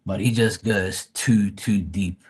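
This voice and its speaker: A man's voice: fairly low pitch, fairly even intonation, slow, a little mellow, husky. A man chatting casually on a livestream, blunt and profane, rambling with frequent restarts. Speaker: live stream host.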